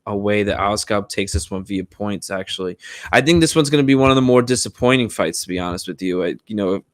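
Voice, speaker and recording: A young American man co-hosting a casual sports podcast, talking in a relaxed way with frequent restarts. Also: fairly low pitch, fast talker, no room sound, clean studio sound. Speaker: podcast co-host.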